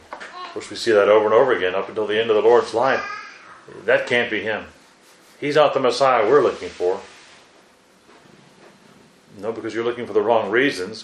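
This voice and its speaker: A man's voice: fairly low pitch, echoey room, slight background noise, rough recording. A man preaching a Bible sermon, asking his listeners rhetorical questions and exclaiming "wow" between points.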